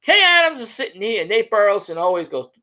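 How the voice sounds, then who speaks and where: A man's voice: high-pitched, very animated, fast talker, bright, forceful tone. A man, rambling casually and crudely on his fan vlog. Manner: loose, rambling and crude, with fillers. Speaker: fan vlogger.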